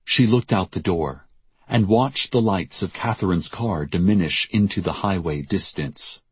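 Deep husky deadpan male narrator. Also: no room sound. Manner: measured, deadpan storytelling. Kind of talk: audiobook narration.

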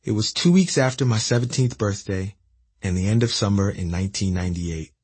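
A man in his thirties from Philadelphia reads his memoir aloud in a reflective, measured way. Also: on the low side, a little mellow, breathy edge, dry recording. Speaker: narrator reading his memoir. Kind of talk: audiobook memoir narration.

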